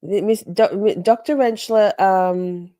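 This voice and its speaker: A woman's voice: medium pitch, steady tone, slow, warm tone, no echo. A woman hosting a livestream, chatting casually, swearing and reacting to her chat. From Australia. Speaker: livestream host.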